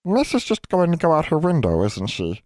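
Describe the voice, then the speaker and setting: Storybook house elves, small and servile, talking in squeaky, fretful voices with broken grammar as a male narrator puts them on. They sound high and pinched against a dry, close backdrop. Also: huge pitch swings, normal speed, a little mellow, no room sound. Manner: squeaky, fretful, ungrammatical speech.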